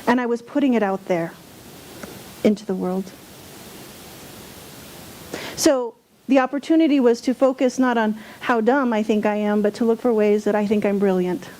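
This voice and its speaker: A woman's voice: fairly high pitch, moderate pace, pauses often, warm tone, a little hiss or hum. Candid woman giving a sermon. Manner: candid, self-deprecating storytelling with mocking quoted outbursts. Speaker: spiritual speaker.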